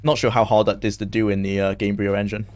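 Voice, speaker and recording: A young man chatting loosely as he streams a game, rambling and quick to laugh. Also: on the low side, little pitch movement, darkish tone. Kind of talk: casual live-stream gameplay commentary.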